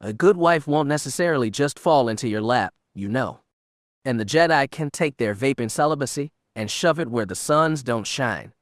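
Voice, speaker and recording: A man doing a drunk, gruff middle-aged smuggler in an audiobook, his slurred drawl loud and vehement. The voice sits in an ordinary middle register and the recording is dry and close, with no room around it. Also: mid-range voice, animated, normal speed, no echo, natural voice. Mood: exasperated. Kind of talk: audiobook character reading.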